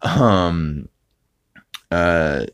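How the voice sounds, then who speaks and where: A man hosting a podcast casually recaps a cartoon episode, rambling with many fillers and putting on voices for character quotes. His voice is low-pitched and smooth, and he speaks very slowly.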